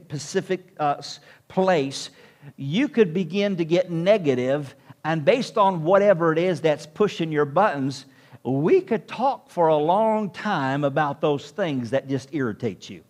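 A man's voice: on the high side, lively intonation, a little slow, a little mellow. A man preaching as a pastor to a congregation, with emphatic rising peaks in his delivery. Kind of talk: sermon. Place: church room with congregation.

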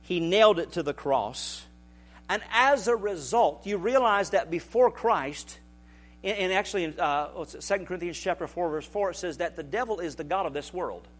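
A man preaching a sermon as pastor, animated and building to shouts. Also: high-pitched, normal speed, faint music behind.

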